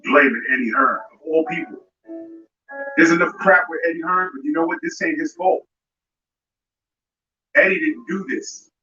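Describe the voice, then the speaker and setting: Ranting live on his boxing show, a man speaks straight to a fighter in a confrontational way. The voice is slightly high, bright, and forceful, while the audio sounds dull and distant in a roomy space with music playing.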